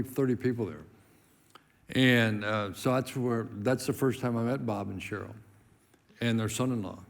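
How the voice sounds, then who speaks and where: A man hosting a ministry conversation, recalling events in a relaxed, conversational way. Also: medium pitch. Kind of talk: casual ministry talk.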